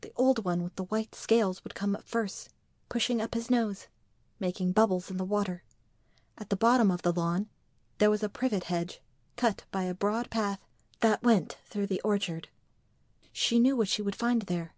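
Brief: a woman reading literary fiction aloud, calm and measured, dry sound. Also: mid-range voice, no room sound. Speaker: narrator. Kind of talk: audiobook narration.

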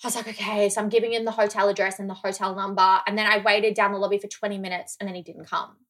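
A woman from Australia chatting casually as a podcast co-host, telling stories in an animated way, swearing freely and acting out what people said. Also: medium pitch, rapid-fire. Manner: animated, swears freely, acts out quoted dialogue. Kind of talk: casual chat, storytelling.

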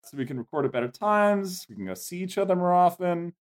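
A man's voice: high voice, expressive, quick pace. A man co-hosting a podcast, chatting casually and cracking dry jokes. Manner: joking, dry humor. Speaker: podcast co-host.

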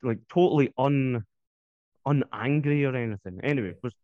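A man's voice: mid-range voice, moderate pace, no echo, narrow, tinny audio. A man, co-hosting a podcast in a rambling casual chat. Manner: chatty, rambling with restarts. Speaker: podcast co-host.

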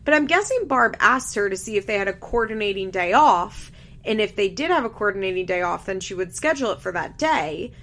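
A woman's voice: medium pitch, animated, a little fast, a bit bright. A young woman chatting casually as she recaps a reality show, candid, laughing often and swearing freely. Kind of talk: casual chat.

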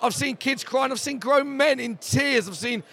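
Excitable high-voiced English podcast host. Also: male voice, normal speed, gravelly, husky. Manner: breathless, emotional, calling questions over the noise. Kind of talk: excited on-the-street podcast interview. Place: outdoors by a stadium after a match.

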